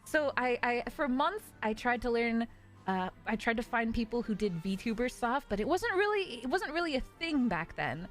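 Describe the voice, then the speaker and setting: A woman's voice: on the high side, very animated, moderate pace, soft background music. A woman in her twenties, a streamer, talking in casual live-stream chat in an earnest, confiding way with many fillers.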